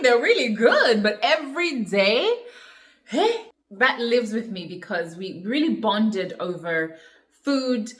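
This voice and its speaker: A young adult woman talks through a personal Q&A vlog. She recalls things in a reflective, emotional way and pauses often between thoughts. Her voice sits at an ordinary middle pitch. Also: a bit bright. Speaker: vlogger.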